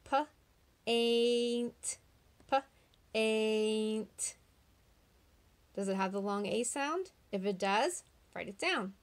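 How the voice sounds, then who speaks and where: A woman's voice: medium pitch, very animated. A woman teaching young children phonics online, drawing out the sounds of words and asking patient, encouraging questions. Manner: slow, drawn-out sounding out of words.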